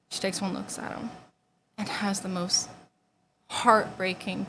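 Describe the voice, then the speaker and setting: A young woman with a mid-range, slightly bright voice gives a personal testimony at normal speed, in a steady tone with frequent pauses. She talks casually, relies heavily on "like," and drops to near-whispers when it hurts. The recording is low quality with slight background noise.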